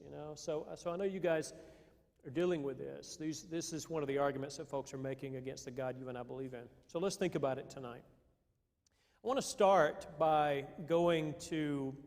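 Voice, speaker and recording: A man preaching a sermon in a relaxed, conversational way, often pausing and restarting his sentences. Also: on the high side. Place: church sanctuary. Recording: long hall reverb.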